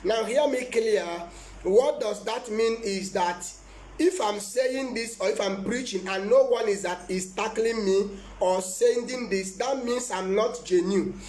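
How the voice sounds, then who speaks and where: A man's voice: high-pitched, a little slow, a little mellow, roomy sound, slight background noise. A man preaching as a prophet in a live-streamed sermon, emphatic and repetitive, often breaking into laughter.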